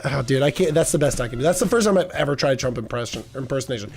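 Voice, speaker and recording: A man's voice: mid-range voice, lively intonation, rapid-fire, creaky, darkish tone, soft background music. A man streaming a game, chatting with viewers in a rambling, joking, self-deprecating way. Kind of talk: casual live-stream chat.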